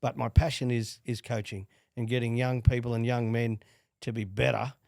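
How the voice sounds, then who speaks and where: A middle-aged Australian man, a former player and coach, telling animated stories in a casual interview. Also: mid-range voice, moderate pace, creaky, dry recording, clean studio sound. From Queensland, Australia. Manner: animated storyteller with restarts and laughs. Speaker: guest, former rugby league player and coach.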